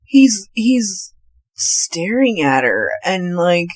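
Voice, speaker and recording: A woman co-hosting a podcast, talking at an unhurried pace in a mid-range voice. The sound is dry and close, with no room around it. She gives frank takes and is quick to voice her disgust. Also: on the low side, sing-song, dry recording. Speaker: podcast co-host. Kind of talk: casual chat about a film.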